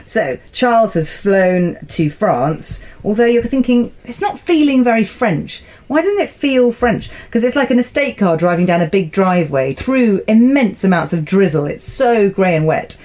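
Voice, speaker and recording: A woman's voice: mid-range voice, lively intonation, normal speed, few pauses, darkish tone. A woman co-hosting a podcast, recapping a television episode in casual chat, amused and laughing often. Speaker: podcast co-host.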